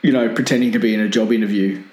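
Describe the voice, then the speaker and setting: A man's voice: fairly low pitch, steady tone, rapid-fire, roomy sound, heavy background noise. An Australian man co-hosting a comedy podcast, telling stories playfully and giggling at his own jokes. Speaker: podcast co-host. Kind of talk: casual comedy chat.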